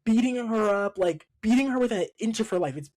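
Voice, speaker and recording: A co-host of a film review show, recapping a movie in casual, animated chat full of fillers. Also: mid-range voice, quick pace. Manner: animated storytelling with many fillers.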